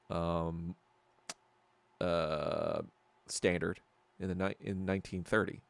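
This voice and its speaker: A man's voice: fairly low pitch, fairly bright tone, clean tone, no room sound. A man hosting a podcast livestream, ranting in casual, profane commentary that wanders between topics. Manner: profane, rambling and heated. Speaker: podcast host.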